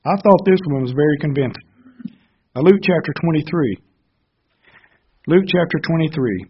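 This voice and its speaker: A man's voice: fairly high pitch, normal speed, breathy edge, muffled recording. A man preaching a Bible sermon, earnestly explaining verses step by step.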